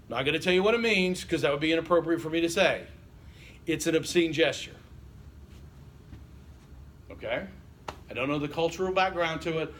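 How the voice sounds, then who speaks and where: A man's voice: on the high side, fairly bright tone, a little hiss or hum. A man teaching a college class, with wry, joking asides to his students. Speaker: college instructor. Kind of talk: classroom lecture. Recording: echoey classroom from far off.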